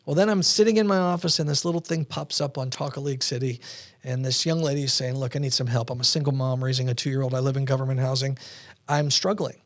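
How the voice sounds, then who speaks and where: A man telling his story as a podcast guest, animated and acting out the voices of people he quotes. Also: mid-range voice, fast, dry recording. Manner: animated, acts out quoted dialogue. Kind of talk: storytelling interview talk. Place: podcast studio.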